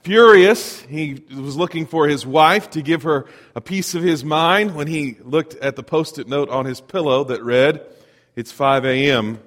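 A middle-aged man preaching a sermon as pastor, telling stories in a lively, conversational way. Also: on the high side, a little slow, few pauses, long reverb tail. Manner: storytelling, animated, conversational.

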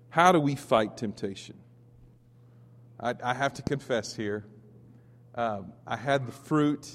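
A man from Texas preaching a sermon as pastor, telling stories with many restarts and sudden loud peaks. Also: medium pitch, big-room sound.

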